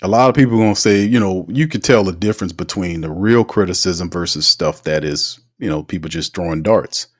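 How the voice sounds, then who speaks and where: A man with a fairly low voice hosts a loose live sports talk stream. He reads viewer comments aloud and riffs on them. His delivery is animated and emphatic, full of slang and frequent laughter. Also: brisk, few pauses. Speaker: sports talk show host.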